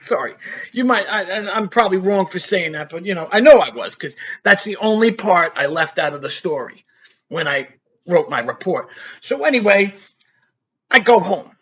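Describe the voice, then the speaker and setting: A man's voice: high-pitched, animated, normal speed, a bit bright, husky, highs cut off. A man, telling a personal story in a rambling, chatty way, peppered with "you know" and little laughs. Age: 50s. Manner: chatty, keeps adding "you know", laughs between sentences. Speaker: vlogger.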